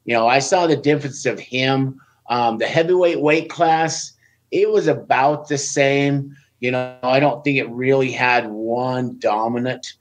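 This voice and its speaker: A man's voice: mid-range voice, measured pace, poor audio. A man, a former Olympic wrestler guest on a podcast, telling stories casually and acting out what people said in a raised voice. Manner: animated, acts out quoted speech in a raised voice.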